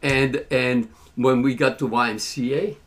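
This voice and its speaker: A man's voice: medium pitch, unhurried. A man casually telling a story to listeners, acting out the dialogue as he goes. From Canada. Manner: animated, acts out quoted dialogue.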